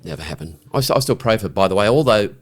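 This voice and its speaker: At a quick pace and fairly low pitch, an expressive middle-aged Australian man recounts a story as a podcast guest. His conversational delivery is blunt and frank, with restarts and habitual "right?" questions.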